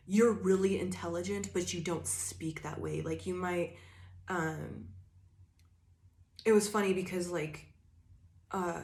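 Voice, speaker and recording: A woman's voice: lowish voice, a little mellow, echoey room. A woman giving a casual tarot reading, swearing freely and rambling with lots of fillers. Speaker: tarot reader.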